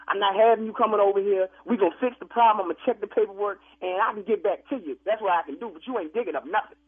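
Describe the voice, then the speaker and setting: Funeral home guy on the phone, husky, quick talker, defensive and stammering. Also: sits high. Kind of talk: prank phone call comedy bit. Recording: tinny phone line.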